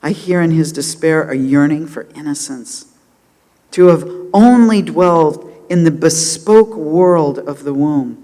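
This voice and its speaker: A man giving a sermon, impassioned and dramatic, swinging between loud declarations and hushed moments. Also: on the high side, expressive, unhurried, long reverb tail. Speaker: rabbi giving a holiday sermon.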